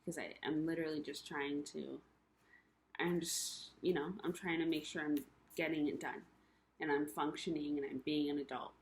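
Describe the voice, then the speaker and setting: A young woman with a low, dark-toned voice talks through her frustrations in a personal vlog. She rambles and circles back, leaning on ums and you-knows, and sounds emotional and worn down. A faint hiss of noise sits under her voice. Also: steady tone, normal speed. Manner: rambling, confessional, many fillers. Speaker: vlogger. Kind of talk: personal rant to camera.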